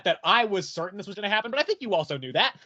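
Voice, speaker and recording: A man's voice: high voice, very fast, highs cut off. A man co-hosting a comics podcast, ranting animatedly and swearing as he acts out quotes in casual chat. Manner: animated, profane, rants with acted-out quotes. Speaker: podcast co-host reviewing comics.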